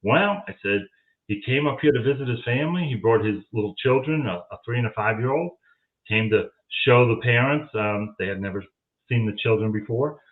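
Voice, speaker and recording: A man's voice: mid-range voice, animated, fairly quick. A man telling a story in a casual chat, acting out the lines of the people he quotes. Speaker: guest, paranormal audio investigator. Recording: tinny phone-like line.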